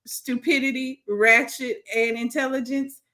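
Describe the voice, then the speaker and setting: A woman co-hosting a casual chat podcast, joking and firing off quick bursts of commentary. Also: high voice, little pitch movement, sharp tone. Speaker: podcast co-host.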